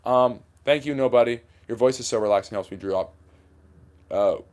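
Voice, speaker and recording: A man's voice: medium pitch, moderate pace, a little mellow. A man hosting a livestream Q&A about history, giving blunt opinions as he answers viewer questions. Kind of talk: livestream Q&A chat.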